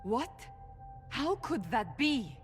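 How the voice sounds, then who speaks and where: A woman's voice: fairly high pitch, big pitch swings, drawn-out words, faint music behind, full character voice. An actress playing a proud, stern woman warrior who speaks in a firm, commanding way. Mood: tense. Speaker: warrior companion. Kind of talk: video game voice acting.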